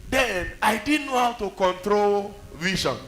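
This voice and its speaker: High, forceful Nigerian preacher. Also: male voice, lively intonation, unhurried, soft background music. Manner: emphatic storytelling preaching with rhetorical questions. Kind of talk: sermon.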